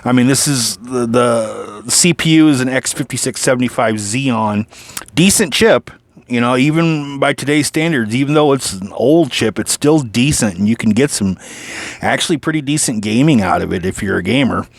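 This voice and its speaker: A man's voice: mid-range voice, lively intonation, normal speed, dry recording. Give me a man talking through his own PC build in a loose, rambling, offhand way, recorded dry. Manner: rambling, filler-heavy, frequent restarts and mild swearing. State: has the hiccups. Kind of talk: casual hands-on build walkthrough.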